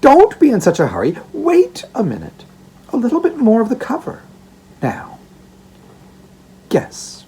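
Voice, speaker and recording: A man's voice: extremely high pitch, huge pitch swings, normal speed, vocal fry, dark tone, slightly rough, voice pushed up, heavily acted, poor audio. A man voicing a playful young working-class daughter in an audiobook, teasing and bubbly. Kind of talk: audiobook reading.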